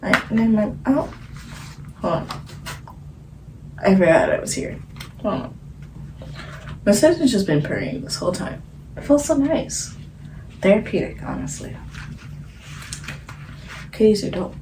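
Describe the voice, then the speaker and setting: A woman's voice: medium pitch, big pitch swings, measured pace, long pauses, dark tone, a little hiss or hum, rough recording. A woman vlogger channeling late at night at home, rambling dreamily and giggling between thoughts.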